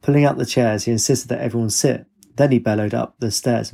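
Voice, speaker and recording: A man reading a story aloud in a steady, even storytelling manner. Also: mid-range voice, fairly quick, gravelly. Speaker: narrator. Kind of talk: storybook narration.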